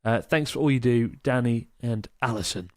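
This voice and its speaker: Reading out emails from listeners, a male podcast co-host chats with enthusiasm and swears casually now and then. His mid-range voice keeps a moderate pace, captured in a dry, studio-quality recording.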